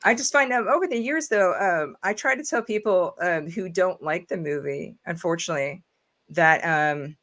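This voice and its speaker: Podcast guest, casual chat, goofy, filler words, mid-pitched voice. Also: normal speed, bright, forceful tone, no echo. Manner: goofy, chatty, many fillers.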